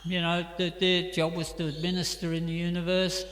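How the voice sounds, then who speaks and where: The class speaker, a man with an Australian accent, talks fairly quickly in a high, slightly bright voice with a completely flat delivery. He tells stories chattily, with many fillers, during a scripture class in an echoey temple hall.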